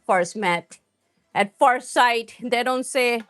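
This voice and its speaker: A woman's voice: on the high side, takes it slowly, fairly bright tone, faint music behind. Chatty woman hosting a cooking livestream. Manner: chatty, rambling, talks straight to viewers. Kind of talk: live stream chat.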